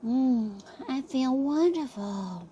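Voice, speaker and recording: A woman putting on a young storybook lion, his voice flying up high and squealing with greedy delight. He swoops wildly through his lines, slow and drawn out as he savours each bite, as the reader acts him out. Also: expressive, warm tone, dull audio, slight background noise. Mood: gushing, excited. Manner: squealing, gushing, high and eager. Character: excitable young male lion, greedy for marshmallows. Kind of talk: bedtime story reading.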